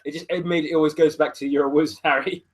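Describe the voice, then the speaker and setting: High-voiced man teasing and laughing. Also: steady tone, fast talker. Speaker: co-host. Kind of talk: casual banter on a livestream.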